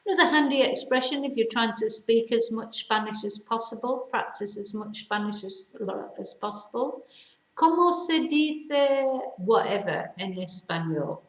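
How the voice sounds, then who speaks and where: Woman, language teacher, unhurried and chatty, roomy echo. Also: a little high, animated. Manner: chatty, repeats phrases slowly for learners. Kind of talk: casual language lesson. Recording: echoey room.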